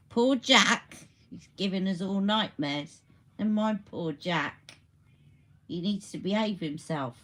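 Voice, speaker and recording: Female live-stream host, low-ish voice, loose conversational product chat. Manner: chatty, reacts to viewer comments mid-sentence.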